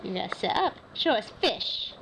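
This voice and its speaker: A mother reading a picture book to a toddler at home, naming each word slowly and coaxing the child to repeat it. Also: mid-range voice, very animated, gravelly, fairly bright tone. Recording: noisy home video.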